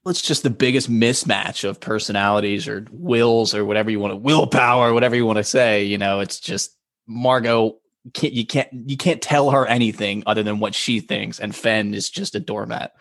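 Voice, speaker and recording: A man's voice: on the low side, moderate pace, fairly bright tone. A man co-hosting a casual show recap, gushing with praise and swearing. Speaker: podcast co-host.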